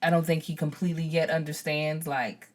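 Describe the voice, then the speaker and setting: A woman's voice: deep voice, a little fast. A woman hosting a podcast, chatting casually about her kids and acting out how she scolds them. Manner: animated storytelling, acts out her own scolding. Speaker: podcast host. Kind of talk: casual chat.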